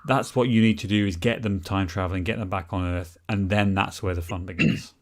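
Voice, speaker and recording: Excitable low-voiced man talking films. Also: fairly quick. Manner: excitable, stumbling restarts. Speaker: podcast co-host. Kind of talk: casual chat.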